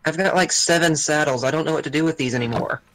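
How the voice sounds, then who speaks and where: A man's voice: on the high side, fast talker, fairly bright tone, rough recording. A man streaming a game, rambling casually about what he's doing as he plays. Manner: rambling, chatty commentary while playing. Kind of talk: casual gaming chat.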